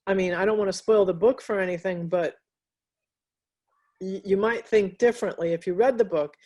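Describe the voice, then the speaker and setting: An American woman talking in an interview about her work, reflective and pausing often with fillers and restarts. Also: mid-range voice, darkish tone. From United States. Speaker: interviewee, graphic novelist. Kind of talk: casual interview conversation.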